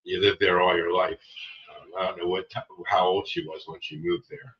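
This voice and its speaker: A low-voiced man speaking at a moderate pace hosts a casual livestream, rambling and answering viewers by name as he reads their comments. The stream audio is dull and lo-fi, and he sounds distant from the mic.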